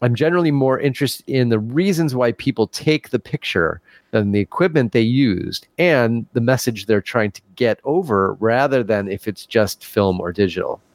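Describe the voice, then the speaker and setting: A man's voice: medium pitch, lively intonation, moderate pace, no room sound. A man co-hosting a casual podcast, reading a listener's email aloud with stumbles and self-deprecating laughs. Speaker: podcast co-host.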